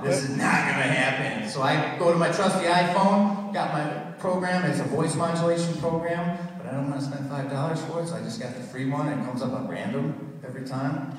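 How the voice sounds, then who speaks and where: Heard from far off in an echoey hall, a man in his thirties performs crude, rambling stand-up on a theater stage. His voice is fairly high and fast, and he slips into many put-on voices as he tells his stories.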